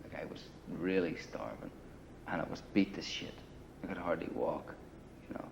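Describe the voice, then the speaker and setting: A low-pitched man with lively intonation and vocal fry talks at a normal speed against background noise. Interviewed in a grungy apartment, he casually recounts a long war story, rambling, cursing and sprinkling in "you know" and "right." The sound is dull, lo-fi 1980 film audio.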